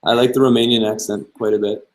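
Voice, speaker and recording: A man's voice: fairly low pitch, little pitch movement, fast, rough recording. A young man hosting a live-stream Q&A, answering viewer questions in an easygoing way and thinking aloud as he goes. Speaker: travel vlogger host.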